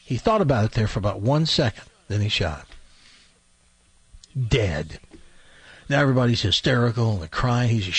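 Animated male radio host telling a joke. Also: mid-range voice, normal speed, pauses often, slightly rough, no echo. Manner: animated storyteller, acts out shouting robber lines.

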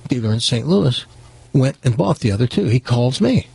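Husky-voiced man spinning animated stories. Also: medium pitch, moderate pace, no echo. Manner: animated anecdote-telling, acting out dialogue. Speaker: guest telling stories. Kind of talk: casual storytelling.

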